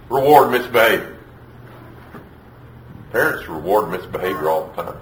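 A man preaching a sermon on raising children, lively and playful, acting out parents and children in raised voices. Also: on the low side, moderate pace, pauses often, a little hiss or hum. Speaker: preacher teaching on child discipline. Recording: echoey room with faint ambience.

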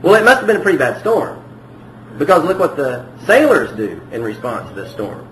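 A man's voice: on the high side, sing-song, normal speed, a bit bright. A man preaching a verse-by-verse sermon in a conversational way, often asking the congregation questions. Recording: echoey room with faint noise.

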